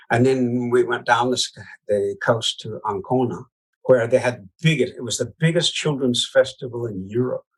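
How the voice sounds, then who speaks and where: A mid-range, somewhat bright and husky male voice belongs to an Iowa puppeteer from the United States being interviewed. He tells stories in a chatty way, laughing often and adding lots of asides and "you know"s. The recording is low quality.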